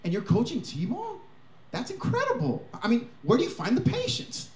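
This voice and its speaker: A man voicing an impressed T-ball parent who gushes slowly in wide-eyed amazement. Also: very high voice, wildly swooping pitch, a little mellow, reverberant, full character voice. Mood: gushing.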